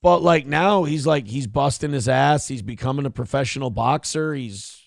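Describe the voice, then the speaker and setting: A man's voice: mid-range voice, moderate pace, vocal fry, no room sound, clean studio sound. A man hosting a morning talk show, chatting casually in a profane, joking way. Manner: profane, joking, mocking impressions. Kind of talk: casual chat.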